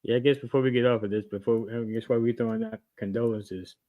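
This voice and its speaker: A man's voice: medium pitch, steady tone, quick pace, narrow, tinny audio. A man co-hosting a podcast, chatting in an easygoing way with brief replies. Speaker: podcast co-host. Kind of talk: casual chat.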